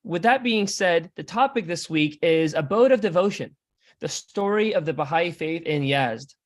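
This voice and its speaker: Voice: mid-range voice, animated, normal speed. A host introducing a speaker and welcoming the audience at an online meeting, part of it read out. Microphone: video call.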